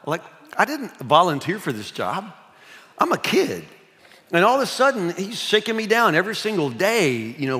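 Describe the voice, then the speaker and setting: A man's voice: high-pitched, sing-song, moderate pace, sharp tone. A man, preaching a sermon in a folksy, self-mocking storytelling way. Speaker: pastor. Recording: long hall reverb.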